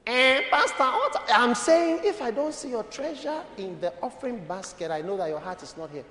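High-pitched, animated preaching bishop. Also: male voice, normal speed. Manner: animated, playful, calls on the congregation. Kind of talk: lively sermon. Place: church hall. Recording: echoey church hall.

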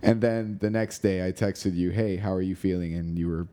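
Low-voiced laid-back man chatting. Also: fairly even intonation, normal speed, dark tone. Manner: easygoing, swears casually, frequent "you know" and restarts. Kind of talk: casual chat.

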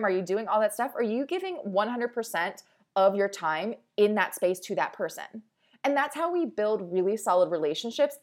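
A woman coach speaks in a slightly high voice, earnest and emphatic. She repeats her main points for weight and slips into short impressions of the people she quotes. The delivery is a motivational talk aimed at her listeners.

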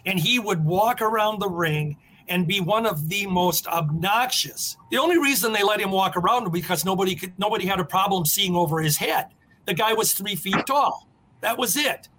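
A man's voice: high voice, expressive, moderate pace, bright, forceful tone, slight background noise. A man co-hosting a podcast, telling blunt, colorful stories about old characters. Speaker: podcast co-host. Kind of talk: storytelling chat.

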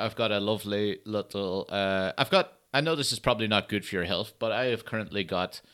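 Man, podcast host, rambling profane comic rants, lowish voice. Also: pushed and bright. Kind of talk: solo comedy podcast chat. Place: at home.

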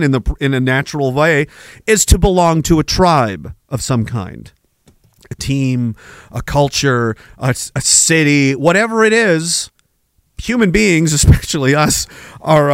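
High-voiced man ranting with profanity. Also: creaky, fairly bright tone, no echo, clean studio sound. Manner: heated, swearing, mocking and sarcastic. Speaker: podcast host.

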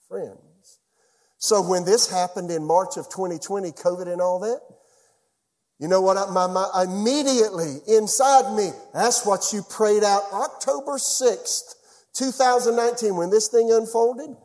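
High-voiced pastor preaching a story. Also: male voice, unhurried, in a large hall. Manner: storytelling, animated with sudden drops to quiet. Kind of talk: sermon. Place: church.

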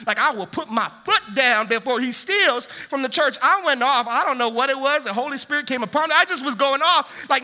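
Brief: young male pastor, very high voice, sharp and forceful tone, animated storyteller. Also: moderate pace. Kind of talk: sermon with personal stories.

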